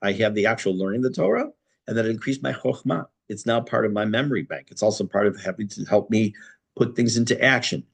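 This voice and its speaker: A man teaching a relaxed, conversational Torah class as a rabbi, talking with many restarts and fillers. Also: lowish voice, a little fast, creaky, breathy edge. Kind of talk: informal Torah lesson.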